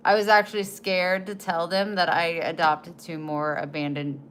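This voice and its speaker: A woman in her forties chatting casually to camera, emotional and halting, often trailing off and starting again. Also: on the low side, level tone, fairly bright tone, a little hiss or hum. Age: 40s. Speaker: vlogger.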